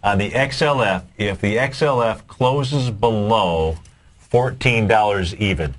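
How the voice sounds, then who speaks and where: Low-voiced male trading show co-host. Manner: explanatory, halting with many uhs. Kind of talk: casual trading advice.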